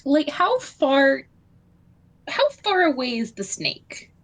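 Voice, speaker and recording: A woman's voice: sits high, very animated, takes it slowly, fairly bright tone, poor audio. A woman playing a tabletop game, blunt and wary, reading out spell rules. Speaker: player. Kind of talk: casual tabletop game play.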